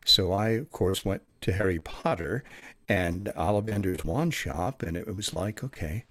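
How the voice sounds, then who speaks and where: A man with a somewhat low voice talking casually, relaxed and chatty, with many pauses and fillers. The recording is dry and close, with no echo at all. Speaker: audiobook narrator. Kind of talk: casual interview talk.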